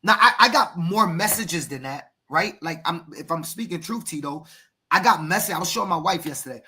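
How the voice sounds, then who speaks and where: A man's voice: on the high side, lively intonation, a little fast, pushed and bright. An American man who coaches youth football and hosts a podcast, talking emphatically and preachily, repeating himself and calling his co-host by name. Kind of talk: passionate podcast talk.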